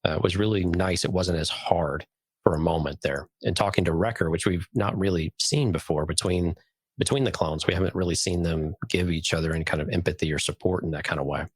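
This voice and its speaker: A man's voice: sits low, a little fast, husky, no echo. A man co-hosting a podcast, chatting in a jokey, enthusiastic way. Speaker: podcast co-host. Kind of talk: casual chat.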